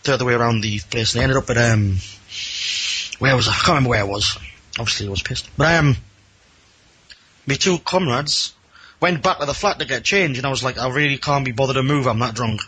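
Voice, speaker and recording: Chatty Geordie man with a husky voice. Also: mid-range voice, brisk, sharp tone. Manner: rambling, self-mocking storyteller who acts out other voices. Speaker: caller. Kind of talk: casual anecdote on a radio phone-in.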